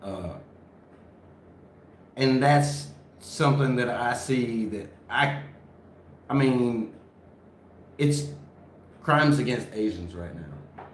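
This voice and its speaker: A man's voice: medium pitch, animated, drawn-out words, pauses often. A man co-hosting a casual podcast, joking and laughing often. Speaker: co-host. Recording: echoey room with faint background noise.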